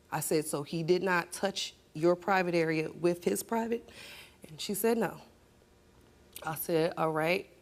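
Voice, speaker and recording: A woman's voice: lowish voice, vocal fry. A woman guest on a talk show telling an emotional story, her voice rising sharply when she argues. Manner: emotional, rising to shouting in arguments. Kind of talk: emotional confrontational testimony.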